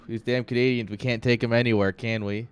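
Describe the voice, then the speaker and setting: A man's voice: mid-range voice, little pitch movement, fast, clear, resonant tone. A man casting a game stream, chatting casually and teasing with lots of laughs. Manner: joking, teasing, laughs often. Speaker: esports caster.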